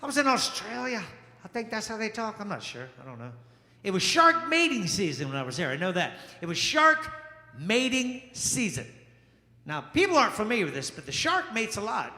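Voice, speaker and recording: A man performing a stand-up comedy set in a small jazz lounge, bantering with the crowd in an animated way. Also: sits high. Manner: animated, crowd-work banter with quick asides. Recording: echoey room with long reverb.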